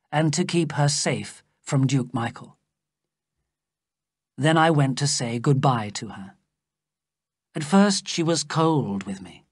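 Slow, lively storybook reader. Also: medium pitch, husky, dry recording, clean studio sound. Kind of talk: graded reader narration for English learners.

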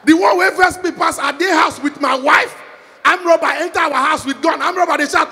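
A man with a Nigerian accent doing stand-up comedy on a concert stage, telling stories loudly in Pidgin and English. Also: very high-pitched, a little fast. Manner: loud, animated storytelling in Nigerian Pidgin and English.

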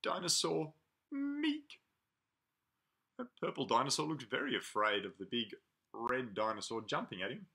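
A man leading a preschool playgroup, reading a picture book aloud to toddlers in an animated, sing-song way with drawn-out words. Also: medium pitch, creaky, husky.

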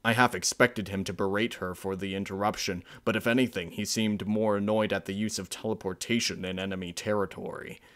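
A man narrating a dark fan-fiction story in a measured, grave storytelling manner. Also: lowish voice, steady tone. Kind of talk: dramatic fan-fiction reading.

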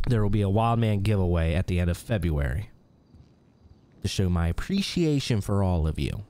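A man's voice: lowish voice, dark tone. A man hosting a live stream, reading out viewer names and chatting casually with frequent chuckles. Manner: reads viewer names aloud, chuckles often. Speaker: livestream host.

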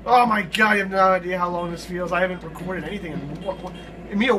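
Hyperactive high-voiced gamer guy. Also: a little fast. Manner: hyperactive, loud outbursts and cursing. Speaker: let's play host. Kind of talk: excitable gameplay commentary. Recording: distant mic with loud noise.

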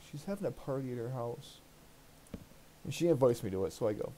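A man with a dark, mellow voice at an ordinary middle pitch chats into his gaming mic. He retells a personal grievance in a loose, rambling way, swearing freely and sounding put out. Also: expressive, fairly quick, a little hiss or hum. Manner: rambling, profane, aggrieved retelling. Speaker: let's play host. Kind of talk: casual storytelling while gaming.

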